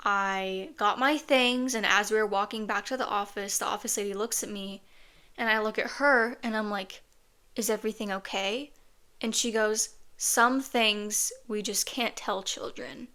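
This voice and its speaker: A woman's voice: medium pitch, fairly even intonation, unhurried, bright, forceful tone, clean tone. A woman casually telling a personal story on her podcast, chatty and earnest, with lots of "like" fillers.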